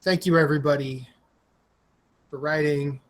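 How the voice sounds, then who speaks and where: A man co-hosting a gaming podcast over a glitchy online call, speaking hesitantly with many pauses. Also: on the high side, fairly even intonation. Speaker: podcast co-host. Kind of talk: casual chat. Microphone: online call with freezing audio.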